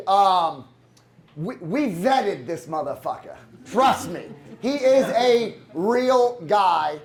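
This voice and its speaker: A man hosting a live event, introducing the next speaker in a loose, joking, profane way. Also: high-pitched. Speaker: event host. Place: conference room with live audience.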